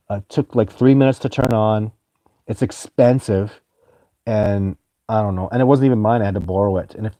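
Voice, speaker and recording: A man with a lowish, mellow voice rambles eagerly through viewer comments on a live stream. He swears casually and laughs often, and the sound is dry and close. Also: no echo.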